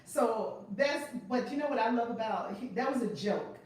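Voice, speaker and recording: A woman's voice: a little high, normal speed, darkish tone. A woman hosting a live-streamed class as a spiritual teacher, exuberantly greeting viewers by name and then teaching, stressing key words. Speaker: spiritual teacher and channel host. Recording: echoey room, far from the mic, faint noise.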